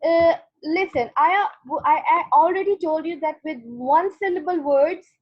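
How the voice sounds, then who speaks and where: A woman's voice: very high-pitched, a little slow, dull audio. A woman teacher giving an online grammar lesson, explaining patiently step by step and checking in with "okay".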